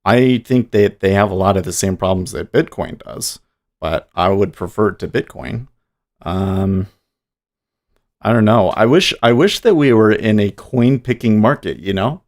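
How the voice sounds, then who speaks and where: A man hosting a day-trading livestream, talking casually in a rambling, halting way with many restarts. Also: on the low side, darkish tone.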